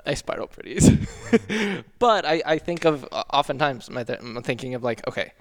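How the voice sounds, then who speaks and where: A man telling a painful personal story on a podcast, halting and earnest, often apologizing. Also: a little high, lively intonation. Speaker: podcast regular.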